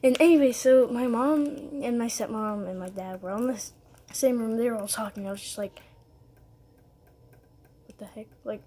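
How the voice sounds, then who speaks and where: A young woman vlogs straight to her viewers, telling a story in a loose, rambling way. Her voice sits a little high, and she fills it with "like," "um" and small giggles. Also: a little fast, warm tone. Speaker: vlogger. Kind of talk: casual storytelling to camera.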